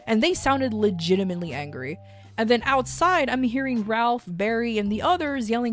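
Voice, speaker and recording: A woman's voice: a little high, normal speed, soft background music. A woman streamer casually telling a long story, rambling with many fillers and restarts. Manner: rambling, filler-heavy, animated retelling.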